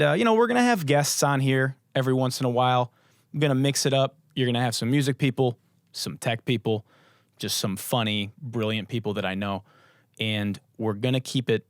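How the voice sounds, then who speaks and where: A young man hosting a casual solo podcast, hoarse with his voice mostly gone, rambling and swearing in a jokey way. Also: mid-range voice, no echo, studio quality. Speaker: podcast host.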